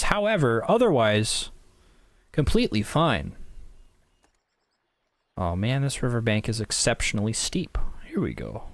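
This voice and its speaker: A man's voice: medium pitch, no echo. A man giving casual, rambling let's-play commentary with wry, self-mocking jokes. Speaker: gaming YouTuber.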